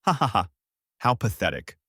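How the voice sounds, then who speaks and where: A man's voice: lowish voice, big pitch swings, moderate pace, creaky, pushed and bright, husky, dry recording, studio quality, heavily acted. A man voicing a brutish bandit chief who mocks and threatens in a fan story reading. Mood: sneering. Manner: mocking, menacing.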